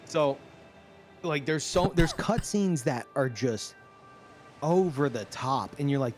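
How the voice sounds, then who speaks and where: A man's voice: fairly high pitch, animated, slow pace, pauses often, soft background music. A man in his thirties hosting a stream, chatting casually and animatedly, swearing freely. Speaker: streamer host. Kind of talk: casual chat.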